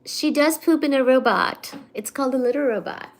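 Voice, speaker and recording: A woman hosts a casual live study stream from home, talking with a fairly high voice. She is chatty and loose, full of ums and restarts, and coos baby talk to her cat now and then. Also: moderate pace. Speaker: livestream host. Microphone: computer mic during a livestream.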